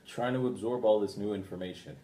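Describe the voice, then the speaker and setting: A man's voice: lowish voice, brisk, mellow, recorded from a distance. A man co-hosting a podcast, chatting casually with dry, laid-back quips. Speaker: podcast co-host. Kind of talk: casual chat. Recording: echoey room, off-mic.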